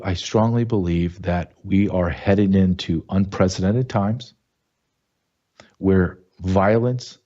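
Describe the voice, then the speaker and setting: A man's voice: deep voice, mellow. A middle-aged man hosting an opinion show, talking bluntly and emphatically and firing off rhetorical questions. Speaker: show host. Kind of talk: opinion commentary. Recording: dull lo-fi sound.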